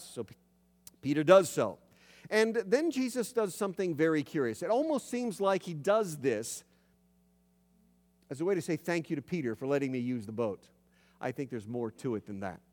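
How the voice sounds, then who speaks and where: A male pastor preaching a sermon in a conversational, storytelling way, slowing down for emphasis. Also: on the high side, very animated, darkish tone. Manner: conversational storytelling, dramatic slowdowns. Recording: long reverb of a large hall.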